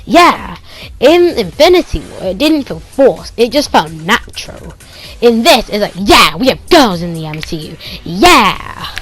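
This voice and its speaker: Excitable woman recapping with pew-pew noises. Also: mid-range voice, measured pace, soft background music. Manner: excitable retelling with pew-pew sound effects; rambling, trails off into quiet asides. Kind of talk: casual spoken movie review.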